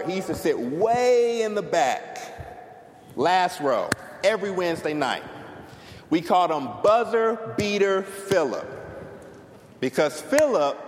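A male pastor preaching a sermon to a congregation, telling stories in an animated way and clapping as he talks. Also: a little high. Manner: animated storytelling, claps while preaching. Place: church sanctuary before a congregation. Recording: long hall reverb, faint noise.

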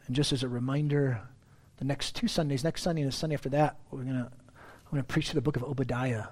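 A middle-aged man, a pastor preaching a sermon in church, talking in a conversational, self-deprecating way and getting louder when he stresses a point. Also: medium pitch, fairly even intonation, fast talker. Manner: conversational, self-deprecating, rising loud on emphasis.

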